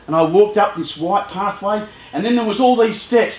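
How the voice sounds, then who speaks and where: A man tells a dramatic first-person story at a youth charity gathering, acting out his fears and the voices around him. His voice sits high for a man and rings in a roomy, echoey space. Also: moderate pace, darkish tone.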